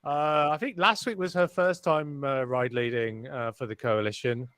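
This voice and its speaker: A man's voice: medium pitch, moderate pace, a bit bright, clear, resonant tone, dry recording, studio quality. A man hosting a live race stream, commentating with cheeky, swearing banter.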